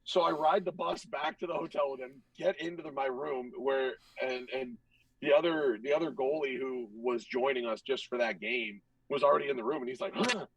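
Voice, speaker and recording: A young man, a hockey goaltender guest, telling stories in a casual, animated and profane way, acting out what others said. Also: mid-range voice, fairly quick, vocal fry, no room sound, far from the mic, lo-fi sound. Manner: animated, profane, acts out other people's lines. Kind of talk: casual storytelling.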